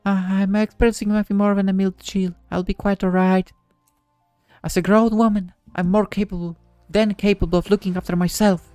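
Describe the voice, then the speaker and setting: A man's voice: high voice, flat delivery, moderate pace, darkish tone, clear, resonant tone, no room sound, faint music behind, pitched above the performer's own voice, natural voice. A man voicing a stiff, overly formal woman professor in a visual novel, speaking in elaborate, proper phrasing. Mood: reassuring. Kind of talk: reading a visual novel aloud.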